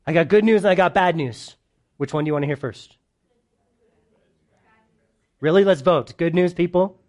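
High-voiced male preacher, animated and playful, leading a verse-by-verse sermon before a live congregation. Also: normal speed. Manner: animated, joking with the congregation, swings between loud and soft. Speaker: pastor. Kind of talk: sermon, verse-by-verse Bible teaching.

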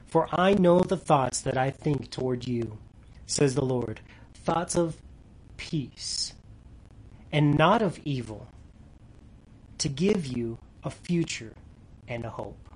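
A man preaching a sermon earnestly, dropping to soft near-whispers for tender lines and rising loud when reading scripture. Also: mid-range voice, lively intonation, slow, breathy edge, low-quality recording. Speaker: pastor.

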